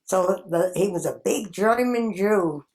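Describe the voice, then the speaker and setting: A woman in her nineties telling old work stories in an interview, lively and full of laughter. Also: medium pitch, unhurried. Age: 90s. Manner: animated, acts out quoted people, frequent laughs. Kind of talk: reminiscing storytelling.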